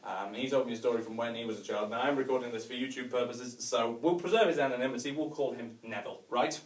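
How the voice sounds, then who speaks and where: A man's voice: mid-range voice, quick pace. A man doing a rambling, self-mocking stand-up set with lots of fillers, in a hotel venue room. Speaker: stand-up comedian. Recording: echoey room mic from a distance.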